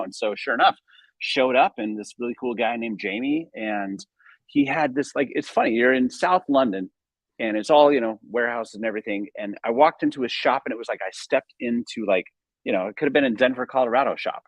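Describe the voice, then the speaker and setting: A middle-aged man from the United States, a sports card collector, telling stories in an energetic, enthusiastic way. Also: mid-range voice, brisk, no echo, rough recording. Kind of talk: casual storytelling.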